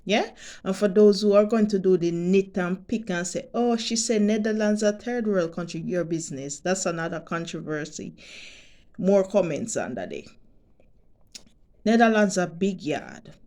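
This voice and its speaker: A Jamaican woman vlogging to her subscribers, talking deliberately and emphatically and repeating her points. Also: medium pitch, warm tone. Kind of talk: direct-to-camera monologue.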